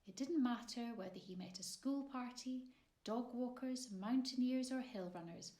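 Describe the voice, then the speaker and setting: A woman narrating her own children's story in an expressive, measured way. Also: on the high side. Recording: roomy echo.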